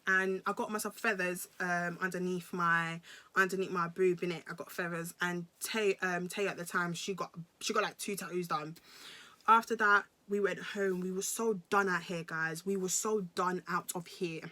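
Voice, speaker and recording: A young British woman with a bright, sharp-edged voice recounts a personal story for her vlog. She talks in an emphatic, slangy way and keeps repeating phrases for effect. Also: on the low side, fairly even intonation, normal speed. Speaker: vlogger.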